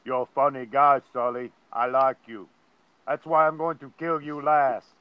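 Man impersonating a deadpan action hero, low and flat, lo-fi phone line. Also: very slow, no room sound. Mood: menacing deadpan.

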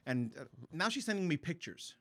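Middle-aged male co-host, bright and lively voice, teasing banter, dry close mic. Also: on the high side, no room sound. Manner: teasing, quick to laugh. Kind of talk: casual chat.

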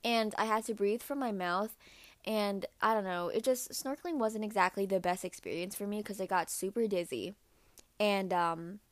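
A woman's voice: medium pitch, a bit bright, no echo, clean studio sound. A young woman hosting a podcast, telling a story casually with lots of fillers and acted-out quotes. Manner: chatty, lots of "like" and "um", acts out quotes. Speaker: podcast host.

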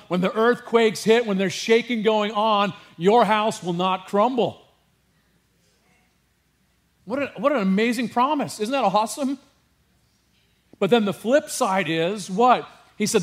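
A man preaching a sermon with passion, dropping to a hush and rising to emphasis, with casual asides to his congregation. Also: high voice. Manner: passionate, swings from hushed to emphatic. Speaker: pastor.

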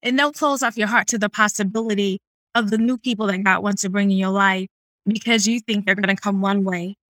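A woman's voice: mid-range voice, fairly even intonation, a little fast, fairly bright tone, dry recording. A woman hosting a faith podcast, responding with encouraging, faith-centered affirmations. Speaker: podcast host.

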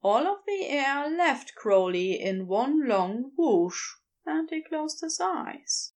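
A woman narrating fan fiction aloud with expressive storytelling. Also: high-pitched, slow pace.

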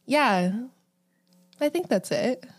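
A woman's voice: on the high side, big pitch swings, slow. A woman co-hosting a podcast in casual chat, telling stories in an easygoing, hesitant way. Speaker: podcast co-host.

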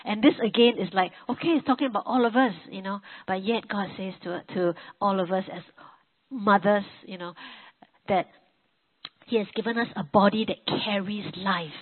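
Middle-aged female preacher, earnest testimony, mid pitch, tinny narrowband recording. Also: normal speed. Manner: earnest, storytelling, frequent fillers and restarts. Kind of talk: personal testimony sermon. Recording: tinny phone-like sound.

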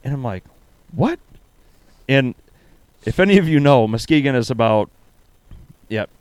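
A man's voice: medium pitch, animated, normal speed, a little mellow, clear, resonant tone, no room sound. A man, co-hosting a casual podcast and animatedly telling a story, acting out the lines he quotes. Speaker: podcast co-host. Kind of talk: casual storytelling among friends.

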